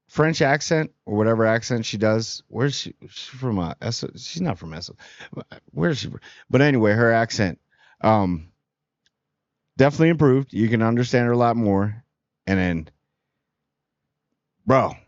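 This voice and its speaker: A man's voice: medium pitch, dry recording, dull audio. A man casually reviewing a TV episode in a rambling, slangy way, paraphrasing characters as he goes. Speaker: show host reviewing TV.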